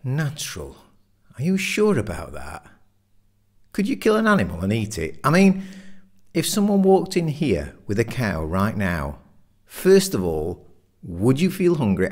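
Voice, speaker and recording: A man voicing Richard, a quiet friend at the pub who questions the others. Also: mid-range voice, huge pitch swings, measured pace, voice pushed up. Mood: questioning. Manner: probing, argumentative.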